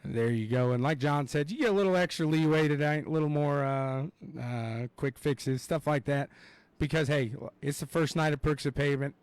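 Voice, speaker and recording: Man, young adult, race commentator, excitable, rambling, fillers, slightly high voice, dry close sound. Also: moderate pace, clean tone, dry recording. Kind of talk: live play-by-play commentary.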